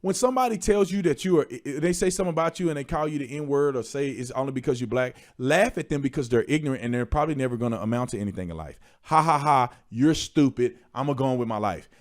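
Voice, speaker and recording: A young man, hosting an opinion stream and preaching his points, sometimes rising to a shout. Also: medium pitch, rapid-fire, hardly any pauses. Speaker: livestream host.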